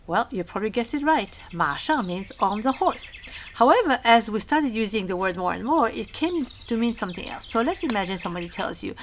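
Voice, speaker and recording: A woman's voice: mid-range voice, normal speed, a bit bright. Patient woman teaching a language. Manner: patient explaining, acts out little scenes. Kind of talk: recorded language lesson.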